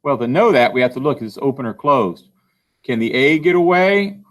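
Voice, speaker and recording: A man's voice: medium pitch, animated, fairly quick, fairly bright tone. A male teacher giving a phonics lesson, patiently asking questions and answering them himself. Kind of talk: recorded classroom phonics lesson.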